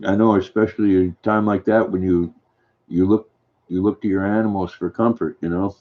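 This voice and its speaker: An older man hosting a livestream, reading viewer comments aloud and answering them in a gentle, folksy way. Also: sits low, steady tone, moderate pace. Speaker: livestream host reading chat. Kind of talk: casual chat. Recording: dull lo-fi stream audio.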